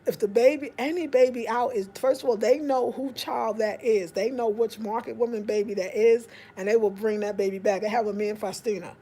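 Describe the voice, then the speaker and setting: Vlogger, woman, African American accent, lively storyteller who slips into quoted voices, slightly high voice. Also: a little fast, few pauses. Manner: animated, acts out quotes in raised voice. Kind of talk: casual storytelling.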